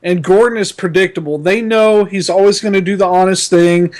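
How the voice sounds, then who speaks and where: A man's voice: high voice, fairly even intonation, fairly quick, a little mellow. A man co-hosting a podcast, chatting in a laid-back way, often laughing and repeating words. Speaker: podcast co-host. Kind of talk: casual chat.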